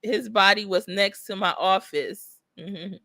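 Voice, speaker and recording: A woman hosting a casual livestream who reads viewer comments aloud and chats in an animated, excitable way. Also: medium pitch, measured pace, no echo, clean studio sound. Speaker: psychic livestream host.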